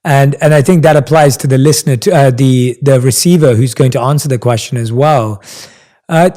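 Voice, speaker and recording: A man's voice: mid-range voice, fairly quick, warm tone. A man hosting an interview, asking questions in an enthusiastic, reflective way. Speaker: interview host. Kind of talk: conversational interview.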